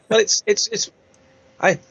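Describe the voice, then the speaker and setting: A man's voice: sits high, wildly swooping pitch, slow, creaky, a bit bright, breathy edge, dry recording, dull audio. A man being interviewed in a casual chat, hesitant and self-deprecating, often trailing off. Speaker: interviewee, steampunk maker. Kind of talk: casual video-call interview.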